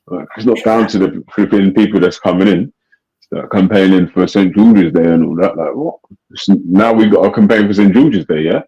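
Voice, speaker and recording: A man in casual, slangy, animated podcast chat. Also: deep voice, normal speed. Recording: dull lo-fi recording.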